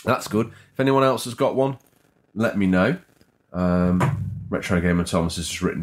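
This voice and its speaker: A man's voice: low-pitched, moderate pace. A man co-hosting a gaming podcast, teasing his co-host and reading out viewer messages in a playful, casual way.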